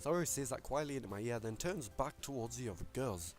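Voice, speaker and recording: Lively, profane man gaming. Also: medium pitch, fast, soft background music. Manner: casual, profane, self-mocking. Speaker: gaming channel host. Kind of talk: let's play commentary and reading game text.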